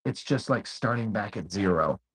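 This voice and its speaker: Husky man in easygoing chat. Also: fairly low pitch, expressive, moderate pace, a bit bright, poor audio. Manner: laid-back, swears freely, tells stories with laughs. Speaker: co-host. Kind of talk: casual chat.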